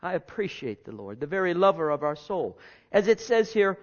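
A man preaching a sermon, reading scripture and then talking with big swings from loud declarations to hushed, almost whispered lines. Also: high voice, sing-song, normal speed. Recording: dull lo-fi sound.

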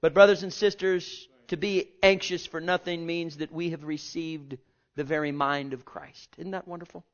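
A man preaching a sermon, swinging from hushed murmurs to loud, fervent exhortations. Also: on the high side, fairly even intonation, normal speed, dull audio.

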